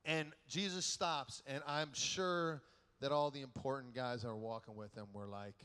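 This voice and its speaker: A man giving a keynote sermon at a youth conference, telling stories in an animated, joking way and acting out the people in them. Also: mid-range voice, normal speed, smooth. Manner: animated, joking storyteller who acts out quotes. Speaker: keynote speaker. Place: large conference hall. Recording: echoey large hall.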